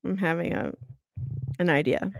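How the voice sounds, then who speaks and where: A woman's voice: on the low side, very animated, moderate pace, vocal fry, no room sound. A woman co-hosting a podcast in casual chat, playful and teasing, cutting in with ideas. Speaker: podcast co-host.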